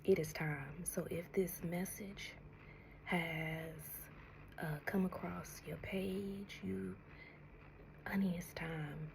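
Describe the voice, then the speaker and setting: A tarot reader delivers a spiritual message to viewers in a slow, whispery, gravelly voice pitched fairly low and held steady. She speaks soothingly, often sinking into a breathy whisper and calling the listener honey, and she sounds emotional, close to tears. There's slight background noise.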